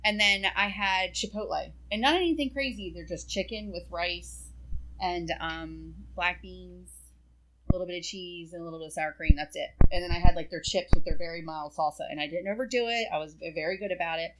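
Fast-talking woman telling a story. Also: on the low side, background noise. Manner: chatty, swears freely, animated storytelling. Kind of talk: casual chat.

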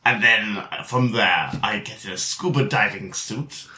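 A man's voice: on the low side, a little slow, bright, forceful tone. A man improvising comedy as a restaurateur, rambling and playful, often breaking into laughter. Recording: echoey room with background noise.

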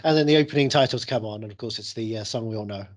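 A man co-hosting a podcast, rambling through deadpan comic riffs in casual chat. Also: lowish voice, racing. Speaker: podcast co-host.

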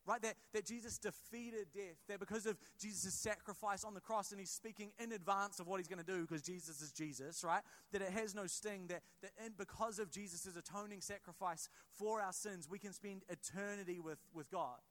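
A man preaching a sermon in a church in a relaxed, conversational way, often restarting phrases and joking with the congregation. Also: high-pitched, a little fast, hardly any pauses. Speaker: pastor.

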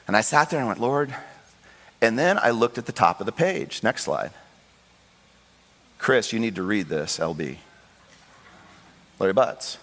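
A man preaching a sermon as pastor, telling a story with lively quoted voices. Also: lowish voice, measured pace, long pauses. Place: church sanctuary. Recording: long hall reverb.

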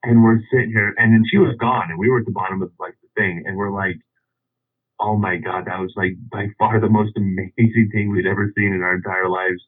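A low-voiced, husky man tells a long, rambling story full of restarts and little chuckles. He comes through thin and boxy, like a caller on a radio phone line. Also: flat delivery, fast, few pauses. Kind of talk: casual anecdote.

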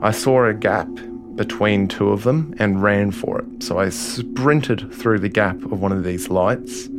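A man with an Australian accent telling a first-person story in a halting way, often restarting his sentences. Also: fairly low pitch. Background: music score.

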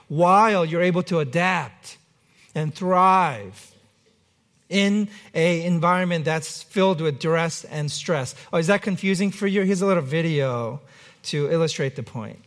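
High-voiced man preaching a sermon. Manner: conversational preaching with light humor. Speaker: pastor.

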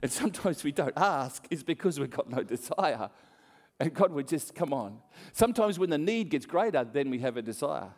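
A man's voice: fairly high pitch, normal speed. A man preaching a sermon, telling a story with acted-out voices and frequent laughs. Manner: animated storytelling, acts out voices, laughs often. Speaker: pastor. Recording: long hall reverb.

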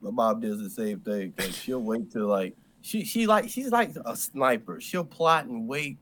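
A man appearing as a guest on a comedy podcast, telling animated, laughing stories about his family. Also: mid-range voice, unhurried. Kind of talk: casual podcast chat.

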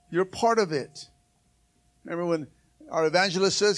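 A man preaching a sermon to his church as pastor, lively, with repeated calls of come on and hallelujah. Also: high-pitched, moderate pace.

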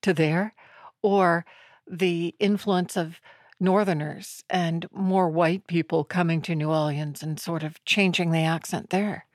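A woman's voice: lowish voice, steady tone, unhurried, dry recording, clean studio sound. A woman interviewer asking direct, inquisitive questions.

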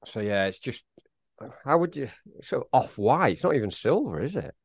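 A man co-hosting a casual football podcast, talking in halting bursts with frequent restarts and chuckles. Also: mid-range voice, big pitch swings, slightly rough, dry recording, clean studio sound. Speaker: podcast co-host.

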